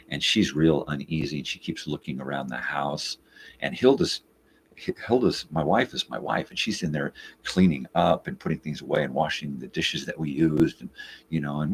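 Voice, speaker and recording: On a live morning show, a man with an extremely low voice tells a story casually, swearing and sounding exasperated. He animatedly acts out both sides of the conversation, with slight background noise audible.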